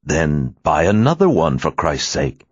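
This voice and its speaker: A man's voice: rumbling low, wildly swooping pitch, a little slow, breathy edge, no room sound, exaggerated voice. A man voicing an eager, insistent man in love who pleads and presses, in a dry, slightly muffled studio recording.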